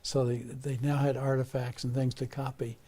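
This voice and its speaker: A man's voice: medium pitch, level tone, normal speed, dark tone, slightly rough. An older man, a history expert guest on a TV talk show, telling stories in a folksy, joking way.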